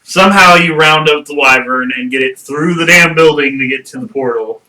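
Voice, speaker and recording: A man's voice: on the high side, moderate pace, sharp tone. A man running a tabletop game as game master, narrating in a loose, casual way. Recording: distant mic with faint noise.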